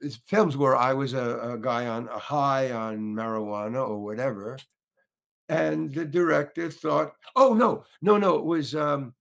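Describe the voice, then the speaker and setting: Gravelly older man telling stories. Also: mid-range voice, unhurried. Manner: animated, acts out other people's lines; rambling, many restarts. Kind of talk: casual storytelling.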